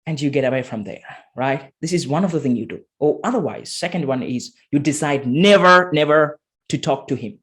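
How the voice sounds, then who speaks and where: A man giving a motivational talk with a short guided exercise, emphatic and repetitive, slowing to soft guiding tones. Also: a little high, expressive. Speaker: motivational speaker.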